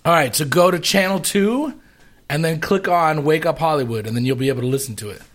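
A male radio show host in casual, jokey banter, excitable and full of filler words. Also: a little high, a little fast.

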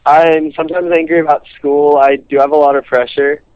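Teen boy caller from Colorado, hesitant, slightly high voice, dull dry phone-in sound. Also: level tone, a little fast, clean tone, dry recording. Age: teens. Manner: hesitant, lots of "like" and "um". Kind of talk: phone-in conversation.

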